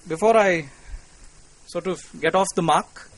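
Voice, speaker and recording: A man with an Indian English accent giving a formal, courteous public lecture to an audience, measured and lightly humorous. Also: high voice, poor audio. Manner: courteous, measured, with cricket quips. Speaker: invited lecturer. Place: lecture hall.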